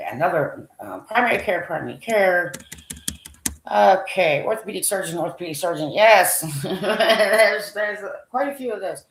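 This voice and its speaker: Female vlogger, low and gravelly, lively rambling delivery, whispers while reading lists; echoey room. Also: measured pace, a little hiss or hum. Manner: thinking aloud, rambling, trailing off with frequent fillers. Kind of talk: casual commentary while browsing a website.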